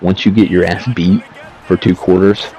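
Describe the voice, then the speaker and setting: A man's voice: deep voice, flat delivery, moderate pace, mellow. A man giving casual, rambling commentary over his gameplay, talking in loose slang and swearing freely. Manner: rambling, profane, laid-back slang. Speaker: gaming video creator. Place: seated at home setup. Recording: slightly dull lo-fi mic.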